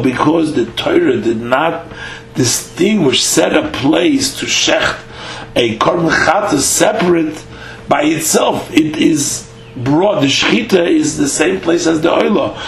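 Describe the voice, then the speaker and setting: A man teaching a daily Talmud lesson. He reads a phrase of the text, translates it, and explains it in a halting way with many "uh" fillers. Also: on the high side, vocal fry, roomy sound, slight background noise, low-quality recording. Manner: reads Hebrew-Aramaic phrases, then translates them.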